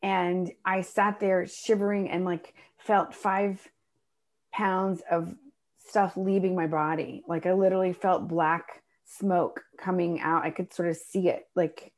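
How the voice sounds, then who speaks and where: A middle-aged woman telling a personal story in a casual chat, animated and acting out the voices of people she quotes. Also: on the low side, a little slow. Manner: animated, acts out voices in her stories. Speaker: guest.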